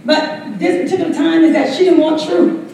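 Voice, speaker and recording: Southern US woman pastor, high bright voice, lively preaching, faint background hiss, heard from across an echoey hall. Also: brisk, far from the mic. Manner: exclaims "come on" often, laughs while preaching. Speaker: pastor leading Bible study. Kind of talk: lively sermon-style teaching. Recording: echoey church hall mic from afar.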